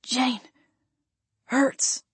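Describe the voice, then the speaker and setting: A woman's voice: high-pitched, flat delivery, drawn-out words, a little mellow, breathy edge, dry recording, voice pushed up, exaggerated voice. A woman voicing a badly wounded young man who speaks in a weak, wet, fading whimper as he lies dying. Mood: dying plea.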